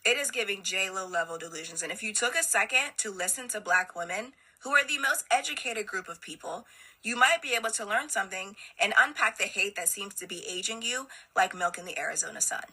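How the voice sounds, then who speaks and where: Woman, commentary host, sarcastic, quippy, very bright tone, mid pitch. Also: expressive, fairly quick, poor audio. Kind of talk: reaction commentary.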